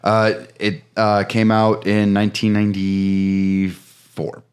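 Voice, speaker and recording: A man's voice: fairly low pitch, monotone, takes it slowly. A man co-hosting a podcast, joking around and cursing freely in casual chat. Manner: joking, profane. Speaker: podcast co-host.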